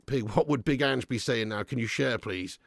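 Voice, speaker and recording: A man's voice: mid-range voice, normal speed, vocal fry, a bit bright, no echo, studio quality. A man hosting a live football watch-along, chatting and bantering with viewers. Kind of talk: live casual match commentary and chat.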